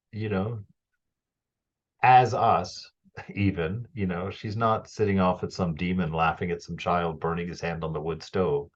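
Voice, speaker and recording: A man teaching and commenting on a spiritual text to a small group, conversational and animated, acting out quotes and laughing often. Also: deep voice. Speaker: teacher reading and commenting on scripture. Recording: lo-fi dull recording.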